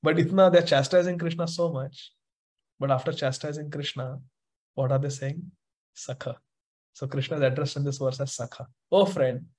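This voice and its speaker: A man giving a devotional scripture class, chanting verses and explaining them with lively emphasis. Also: medium pitch, fairly quick. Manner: animated, chants verses and mixes in Hindi phrases. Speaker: spiritual teacher.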